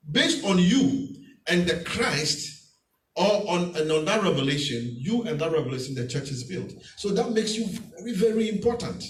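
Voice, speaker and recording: A male pastor preaching to his congregation, teaching verse by verse and coming back to key phrases again and again. His voice sits a little high and swings widely in pitch. He is heard from some distance in an echoey church hall. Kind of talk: sermon.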